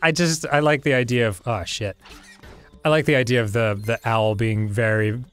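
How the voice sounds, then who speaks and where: A man's voice: medium pitch, moderate pace, a bit bright, smooth, soft background music. A man chatting and joking while playing a video game, reading game text aloud. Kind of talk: casual gaming commentary.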